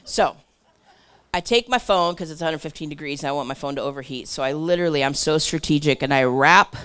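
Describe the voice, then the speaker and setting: A woman telling a testimony story to a church crowd in a chatty way, full of asides, that swings from loud bursts to whispers. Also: low voice, brisk, clean tone. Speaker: church speaker.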